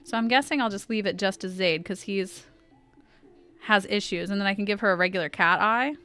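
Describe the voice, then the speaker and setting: A woman's voice: mid-range voice, a little fast, pushed and bright, smooth. A woman streaming a drawing session, chatting casually, thinking aloud and answering her chat as she works.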